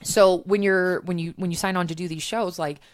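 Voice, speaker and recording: Low-voiced chatty woman, dry close mic. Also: steady tone, a little fast, no echo. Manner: chatty storyteller with many "um"s and "like"s. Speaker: podcast guest, musician. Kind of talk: casual interview chat.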